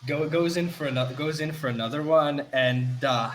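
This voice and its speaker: A man's voice: on the high side, a little hiss or hum. A man narrating a tabletop game as game master, rambling with lots of fillers.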